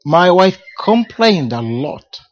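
A man's voice: sits high, very animated, takes it slowly. A man preaching a sermon as a personal testimony, emphatic, repeating key words and asking rhetorical questions. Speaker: minister of a men's ministry. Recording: dull lo-fi recording.

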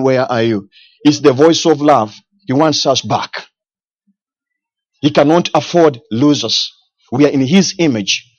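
A man's voice: on the high side, no echo. Fervent male preacher, dull dry sound. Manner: fervent, repeating phrases for emphasis. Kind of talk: sermon.

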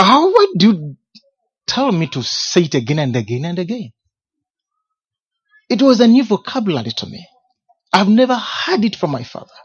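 Male minister giving a testimony sermon, emphatic with rhetorical questions, husky voice, muffled lo-fi sound. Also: sits high. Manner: emphatic, repeats key words, rhetorical questions. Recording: dull lo-fi recording.

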